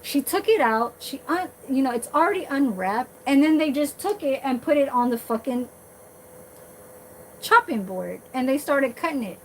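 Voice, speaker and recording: A woman's voice: high voice, animated, normal speed, a little hiss or hum, rough recording. A woman vlogger talking in a blunt, profane, rambling way, full of fillers and restarts. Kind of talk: casual rambling monologue.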